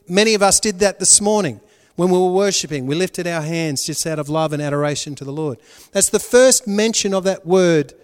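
A male pastor preaching a sermon, swinging between loud emphatic lines and hushed, prayerful ones. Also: high-pitched, long reverb tail.

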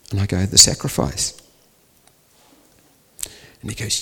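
Male preacher, low and husky, storytelling sermon with acted dialogue, long reverb. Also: animated, normal speed, long pauses, bright, forceful tone. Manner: storytelling, acts out dialogue, rising to emphatic peaks.

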